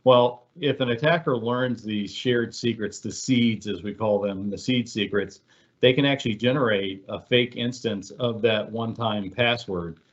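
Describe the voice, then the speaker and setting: Here a fairly low-pitched man speaks at normal speed over lo-fi sound, giving a webinar presentation. He's conversational and relaxed, using many fillers and telling examples as stories.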